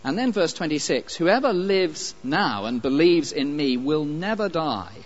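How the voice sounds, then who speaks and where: A man preaching a sermon, emphatic and animated, with pauses and light asides. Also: a little high. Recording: dull lo-fi recording.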